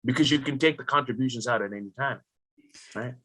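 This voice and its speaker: Bright, animated middle-aged man. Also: fairly high pitch, brisk. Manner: animated, rhetorical questions, talks directly to the listener. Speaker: retirement planning guest. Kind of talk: podcast interview explanation.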